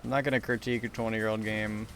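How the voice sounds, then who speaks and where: A man's voice: lowish voice, little pitch movement, fast talker. A young man streaming a video game, talking in a loose, rambling, profane and self-mocking way to his chat. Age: young adult. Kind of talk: casual rambling commentary while gaming.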